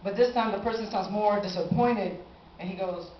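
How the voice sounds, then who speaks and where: An eighteen-year-old man telling a personal story on stage, animated and acting out his own reactions. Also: sits high, moderate pace, a little hiss or hum. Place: live stage in a small cafe venue. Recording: roomy, dull amateur live recording.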